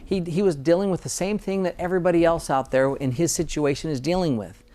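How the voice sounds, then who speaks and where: A dentist speaks earnestly in a conversational interview, in a slightly high, mellow voice at a fast pace. He often repeats words as he begins a thought.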